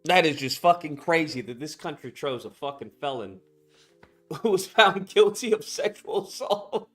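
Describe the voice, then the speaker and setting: A man hosting a live stream, reacting with animated, profane talk and sudden shouted outbursts. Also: on the high side. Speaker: streamer host.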